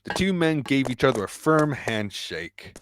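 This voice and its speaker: Reading a fan-written story aloud, a man halts, stumbles and restarts lines, pushing his pitch up for the characters' quoted lines. His voice swings widely in pitch, with slight background noise behind it.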